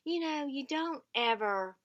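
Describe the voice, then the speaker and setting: A middle-aged woman talks straight to the camera in a casual advice vlog. Her voice sits a little high and comes across bright and forceful. She is earnest, repeats words for emphasis, and acts out the lines she quotes. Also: animated, a little slow, lo-fi sound. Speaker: vlogger giving caregiving tips.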